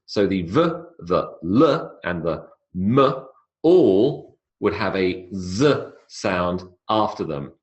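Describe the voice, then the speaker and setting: Man, very low voice, unhurried, pronunciation lecture, drawn-out model words, pitch jumps for emphasis. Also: expressive. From not South America. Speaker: English pronunciation teacher. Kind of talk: classroom lecture.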